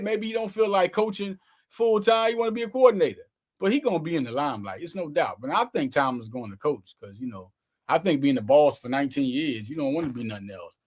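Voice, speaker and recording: A man hosting his own sports show, giving casual, slangy, emphatic commentary straight to his viewers. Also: sits high.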